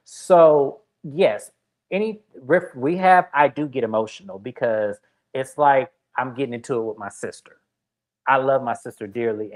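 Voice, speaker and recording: A man's voice: medium pitch, poor audio. A man with a mid-range voice hosts a chatty reality TV recap. He talks casually and animatedly, acting out what the cast said. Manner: animated, retells scenes with quoted voices.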